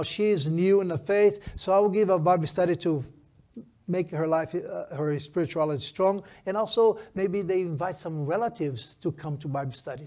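A pastor in his fifties preaches a sermon, his voice sitting somewhat high for a man. He talks emphatically and stretches out the phrases he wants to land, with slightly non-native phrasing. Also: a little mellow. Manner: emphatic, slows down for key phrases.

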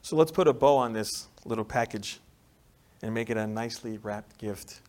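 A man with a New York accent preaching a sermon in a conversational way, often checking in with "right?" and moving between loud emphasis and quiet, soft passages. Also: lowish voice, moderate pace. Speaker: pastor.

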